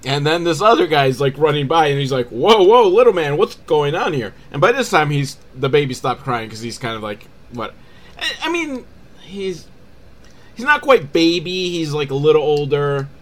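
A man recapping a low-budget movie in a sarcastic, rambling way, acting out the characters' lines. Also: very animated, moderate pace, a bit bright. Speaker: movie riffing host.

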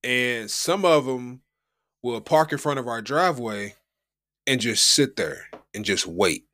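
Podcast co-host, male, from the States, loose slangy storyteller, mid-pitched voice. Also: animated, unhurried, a bit bright. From United States. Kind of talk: casual chat. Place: home.

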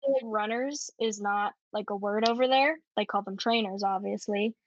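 In a dull, lo-fi recording, a young woman with a Canadian accent talks casually, full of fillers and frequent laughter. Her pitch is medium and her pace moderate.

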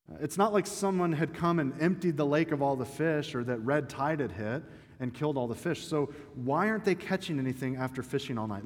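A man preaching a sermon to a congregation in a conversational, joking way. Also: fairly high pitch. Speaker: pastor. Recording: long hall reverb.

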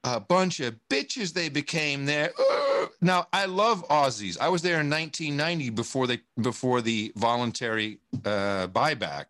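A man's voice: medium pitch, moderate pace, hardly any pauses, sharp tone, no room sound, clean studio sound. A man talking in a casual interview, rambling and emphatic, swearing often and restarting his sentences. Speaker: podcast guest. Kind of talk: casual conversation.

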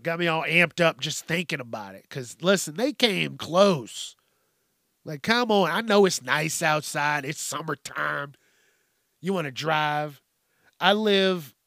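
A man's voice: a little high, bright, forceful tone, no room sound, studio quality. A man hosting a podcast, ranting casually with heavy profanity and exasperation. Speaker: podcast host. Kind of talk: casual solo rant.

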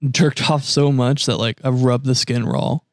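A man's voice: medium pitch, steady tone, normal speed, no echo, studio quality. A young man in casual chat, rambling with lots of fillers and crude swearing.

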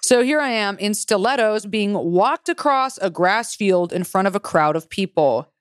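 A woman's voice: medium pitch, animated, moderate pace, clear, resonant tone, no room sound, studio quality. A woman co-hosting a comedy podcast, reading a story aloud in a casual way, swearing a lot. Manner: swears a lot and laughs often.

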